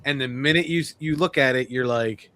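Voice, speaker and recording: A man co-hosting a casual podcast chat, excitable and quick to laugh. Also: mid-range voice. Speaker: podcast host.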